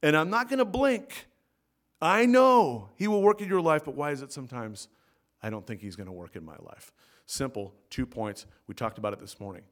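A man preaching a sermon as pastor in a church, swinging between loud emphatic peaks and soft low asides. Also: expressive, normal speed. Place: church sanctuary.

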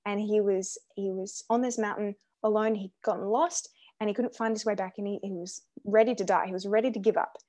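A woman's voice: medium pitch, steady tone, fairly quick, few pauses, dark tone. A woman in casual conversation on faith, eager and repeating herself as she shares a quote and a story. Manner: enthusiastic, repeats words, reads a quote aloud. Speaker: Christian ministry guest or host.

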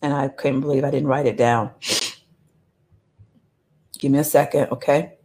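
A woman preaching a sermon, reading scripture aloud with animated, conversational asides to her listeners. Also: extremely low pitch, moderate pace, husky.

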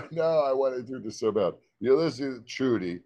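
Guest: man, casual chat, keeps fumbling lines and laughing, mid-pitch voice. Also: animated, moderate pace, dark tone, dry recording, lo-fi sound. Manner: stumbling, laughing at his own flubs. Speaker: guest musician.

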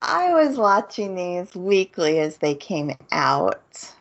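A woman's voice: on the low side, big pitch swings, slow pace. A woman co-hosting a podcast in casual chat, talking in an easygoing, amused way. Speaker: podcast co-host. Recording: dull lo-fi audio.

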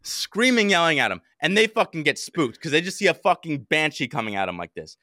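Fast-talking, bright-voiced young man. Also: fairly high pitch, no echo, studio quality. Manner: animated, heavy swearing, acts out his own shouts. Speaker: podcast co-host. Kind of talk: casual storytelling chat.

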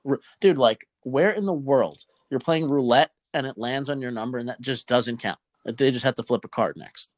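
A man's voice: medium pitch, normal speed, hardly any pauses, dry recording. Young male podcast host, casual and profane, rambling storyteller with a dry, close sound.

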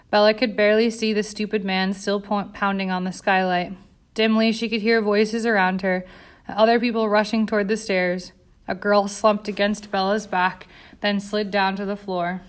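A woman reads a tense story aloud with steady, dramatic pacing. Her narration stays controlled and clear while the story builds suspense. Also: medium pitch. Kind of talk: audiobook narration.

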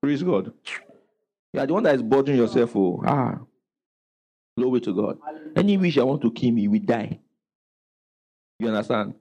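A man's voice: mid-range voice, animated, moderate pace, long pauses, mellow, rough recording. A man preaching a sermon as pastor, calling out questions for the congregation to answer and exclaiming praise.

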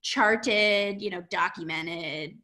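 A woman guest in an interview, explaining her ideas with animated delivery and frequent laughs. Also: mid-range voice, slow pace. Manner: animated, laughs often, acts out quotes. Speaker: astrologer guest.

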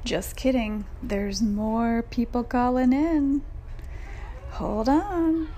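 A woman hosting a casual call-in podcast, chatty and rambling, with a raspy just-woken-up morning voice. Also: fairly high pitch, very slow, dark tone, slight background noise. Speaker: podcast host. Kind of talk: casual chat.

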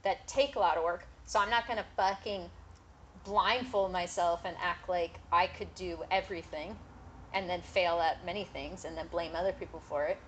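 A woman's voice: fairly low pitch, fairly even intonation, moderate pace, fairly bright tone, dull audio, slight background noise. Frank, swearing woman chatting casually. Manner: frank, swears freely, thinks aloud. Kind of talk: casual chat.

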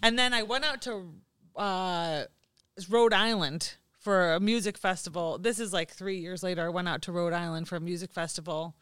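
Guest, woman, bright clear voice, animated storyteller, dry close mic. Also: fairly low pitch, normal speed, no room sound. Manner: lively, laughing, acts out quotes. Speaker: guest, business owner. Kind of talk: casual storytelling in an interview.

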